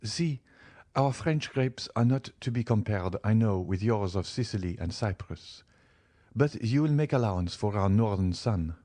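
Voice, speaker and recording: A man's voice: lowish voice, expressive, normal speed, warm tone, no echo, clean studio sound. A man voicing a sorrowful middle-aged noblewoman in an audiobook, speaking in a plaintive, tremulous way. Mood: pleading. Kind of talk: audiobook character reading.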